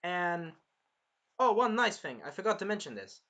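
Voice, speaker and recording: A man with a slightly high voice rambles through a casual anime episode review. He retells scenes as he goes and swears now and then, in an easy, unpolished way. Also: big pitch swings, normal speed, pushed and bright.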